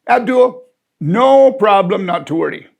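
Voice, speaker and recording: A man voicing a calm, easygoing hotel bellman who nothing seems to faze. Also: high-pitched, measured pace, vocal fry, full character voice. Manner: unflappable, easygoing.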